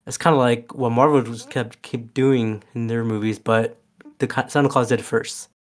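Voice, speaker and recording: A man's voice: mid-range voice, fairly even intonation, moderate pace. A man casually recapping a movie with a co-host, rambling with many fillers and restarts. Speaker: podcast co-host. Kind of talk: casual movie rewatch chat.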